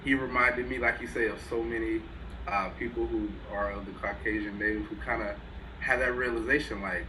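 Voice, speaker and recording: A man's voice: medium pitch, steady tone, brisk, noisy background. A man co-hosting a sports talk show in casual chat, blunt and profane, laughing as he makes his points. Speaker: podcast co-host.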